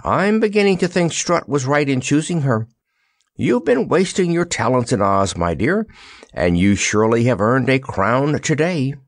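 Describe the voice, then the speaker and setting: A man voicing a kindly straw man in a storybook reading, warm and approving. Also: medium pitch, sing-song, normal speed, dry recording, studio quality, pitched above the performer's own voice.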